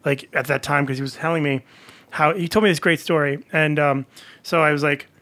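A man's voice: fairly high pitch, fairly even intonation, brisk, sharp tone. A man telling comedy-world stories in a casual podcast chat, rambling with many fillers. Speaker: comedian guest.

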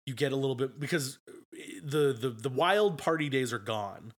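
A man co-hosting a film podcast, retelling scenes in a rambling, animated way with lots of restarts. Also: medium pitch, moderate pace. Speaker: podcast co-host. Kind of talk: casual film review chat.

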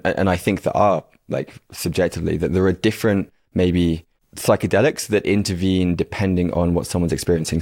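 A man's voice: deep voice, darkish tone, no echo, studio quality. A man hosting an interview, thinking aloud hesitantly with restarts and fillers. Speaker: podcast host. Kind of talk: casual interview chat.

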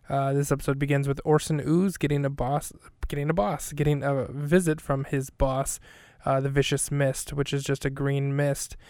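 A man talks through a show episode for his podcast, wandering and correcting himself as he goes. His voice is smooth and fairly flat in pitch. The sound is dry and close, with no room around it. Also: no echo. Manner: rambling, with many fillers and self-corrections. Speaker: podcast host. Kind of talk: casual episode recap.

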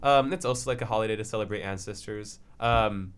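A man's voice: fairly low pitch, a little fast, clean tone. A man hosting a podcast in casual chat, joking and asking curious questions.

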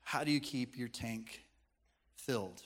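Speaking at a measured pace in a medium, fairly bright voice, a man preaches to his congregation in a playful way. He keeps the room engaged by firing questions at them, and the sanctuary adds a long, hall-like reverb.

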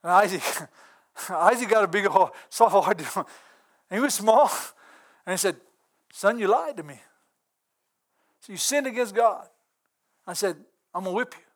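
A man's voice: sits high, unhurried, pauses often. A middle-aged man giving a folksy, earnest sermon, laughing often between points. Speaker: preacher.

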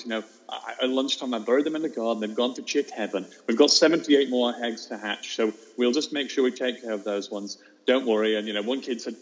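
A man, a teacher, telling a classroom story in a fast, lively way and acting out the children's voices. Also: mid-range voice, poor audio. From England. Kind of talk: animated storytelling.

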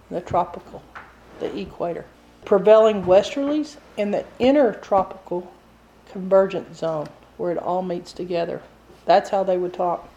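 A woman's voice: mid-range voice, mellow. A woman preaching a sermon, explaining scripture verse by verse.

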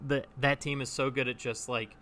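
A man's voice: mid-range voice, fairly even intonation, moderate pace, pushed and bright, a little hiss or hum. A man co-hosting a casual podcast chat about improv, enthusiastic and full of restarts. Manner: chatty, enthusiastic, restarts often. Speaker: podcast co-host.

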